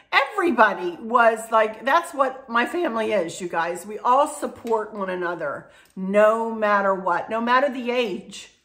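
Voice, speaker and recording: A woman's voice: a little high, animated, measured pace, fairly bright tone. A middle-aged woman chatting casually to her viewers, emotional and rambling, with frequent restarts. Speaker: vlogger. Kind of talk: casual chat to camera.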